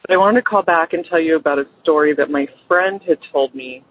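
A woman's voice: low voice, brisk, a little hiss or hum. A woman caller chattily telling a friend's ghost story over the phone, rambling with fillers and quoting the people in it. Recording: phone line.

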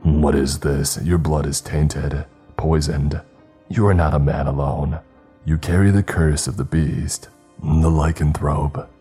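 A man voicing a vengeful vampire lord in a horror story reading, with slow, cold, menacing delivery. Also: rumbling low, steady tone, warm tone, husky, faint music behind, heavily acted. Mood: enraged.

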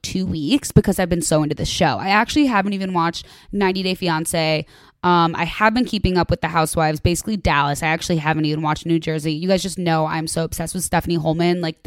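A woman's voice: lowish voice, dry recording. A young woman hosting a podcast in casual solo chat, gossipy and emphatic, full of "like" and swearing. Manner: gossipy and emphatic, heavy "like" filler, rants with swearing. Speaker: podcast host.

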